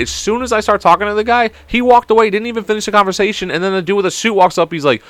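Young dude rambling on his podcast, swears a lot, bright voice, super dry close mic. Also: high voice, racing, few pauses, no echo. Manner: rambling, profane, joking. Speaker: podcast host. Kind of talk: casual solo podcast chat.

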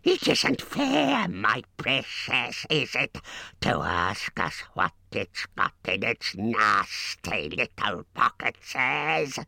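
A wretched cave creature hisses and wheedles in a slow, drawn-out way, stretching every word. The voice is gravelly and sharp-edged and swoops far up and down. It is a storybook villain heard up close in a dry space. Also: male voice, medium pitch, huge pitch swings, no room sound, pitched above the performer's own voice, heavily acted. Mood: agitated. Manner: hissing, wheedling, talks of itself as us. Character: Gollum, wretched hissing cave creature, male. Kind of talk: audiobook character voice.

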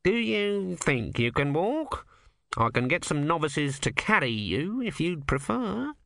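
A man's voice: fairly high pitch, very animated, unhurried, gravelly, pushed and bright, no room sound, studio quality, voice pushed up, full character voice. A man voicing a fussy, anxious male temple official who talks with hesitant "mm" sounds. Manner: fussing, hesitant, with "mm" fillers.

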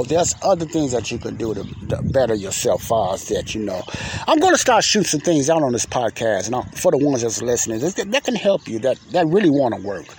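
A man's voice: mid-range voice, a little mellow, slight background noise. A man hosting his own podcast, giving casual, faith-filled advice in a folksy, preacherly way and repeating phrases for emphasis. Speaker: podcast host.

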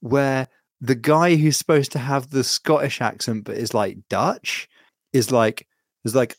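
A man co-hosting a casual podcast chat, rambling and animated, acting out quotes as he tells stories. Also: medium pitch, unhurried, no room sound. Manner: rambling, animated storyteller who acts out quotes. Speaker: podcast co-host.

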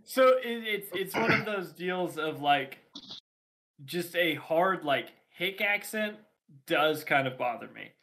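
A man's voice: a little high, expressive, takes it slowly, a bit bright. A man co-hosting a casual podcast chat, teasing his friends. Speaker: podcast co-host.

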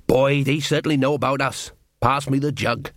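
A man's voice: mid-range voice, steady tone, moderate pace, a bit bright, dry recording, studio quality, lightly acted. A man voicing an easygoing, talkative village drinker telling old stories. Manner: easygoing, chatty.

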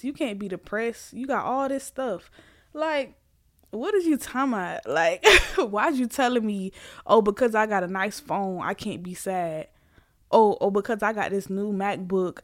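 A woman's voice: mid-range voice, no room sound, studio quality. A woman hosting a candid solo podcast, speaking earnestly and emphatically and repeating her points for stress. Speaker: podcast host.

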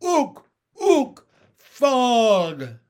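Pin, a squeaky gleeful frog. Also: male voice, wildly swooping pitch, extremely slow, heavily acted. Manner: squeaky, shouting with glee. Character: excited young male frog prince, baby talk.

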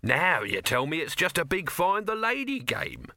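A man's voice: fairly high pitch, wildly swooping pitch, normal speed, creaky, pushed and bright, no echo, studio quality, pitched above the performer's own voice, heavily acted. A man voicing a scheming middle-aged male hustler who talks in a sly, wheedling way.

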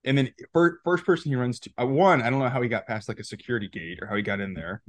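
A man's voice: mid-range voice, quick pace, no room sound. A man co-hosting a podcast, rambling through a movie recap in casual chat, laughing often and restarting his sentences. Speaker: podcast co-host.

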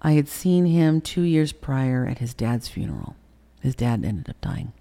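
Woman, 60s, gravelly, mellow tone, candid storyteller, whispers quoted lines. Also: a bass voice, big pitch swings, unhurried. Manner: reenacts conversations, dropping into whispers. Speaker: interview guest. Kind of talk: candid storytelling in a podcast interview.

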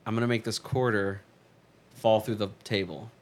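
A man co-hosting a casual podcast, talking in a relaxed, easygoing way with many "like"s. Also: on the low side, moderate pace. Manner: relaxed, easygoing, fills speech with "like". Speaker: podcast co-host. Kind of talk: casual chat.

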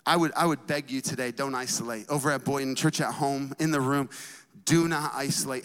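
A pastor delivers a sermon to his congregation in an energetic, conversational style, tossing in casual asides. His mid-range voice moves briskly, and the sound carries the feel of a big room.

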